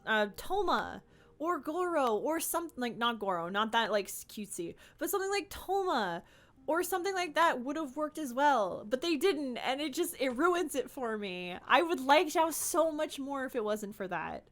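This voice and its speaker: High-voiced animated woman streamer. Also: normal speed. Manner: animated, ranting, giggly. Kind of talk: casual gaming commentary.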